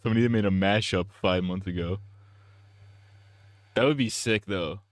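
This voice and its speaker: A man's voice: low voice, normal speed, dry recording. Goofy, joking male game streamer. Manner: goofy, joking, laughs at his own bits. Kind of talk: casual live-stream chatter.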